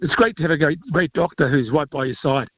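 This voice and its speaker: A man, a former rugby player speaking reflectively and haltingly in an interview. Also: fairly high pitch, no room sound. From New Zealand. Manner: reflective, halting, many fillers. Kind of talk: casual interview. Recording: phone-like thin sound.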